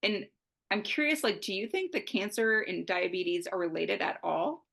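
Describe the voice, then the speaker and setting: A woman's voice: medium pitch, moderate pace, gravelly, a bit bright. A woman hosting a casual interview, asking sympathetic, curious questions. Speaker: podcast host.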